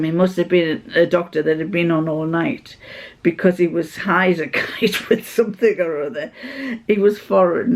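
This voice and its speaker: A woman's voice: lowish voice, creaky. A British woman chatting to camera in a vlog, telling a rambling story and laughing often as she goes. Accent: British English. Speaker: craft vlogger. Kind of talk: casual anecdotal chat to camera.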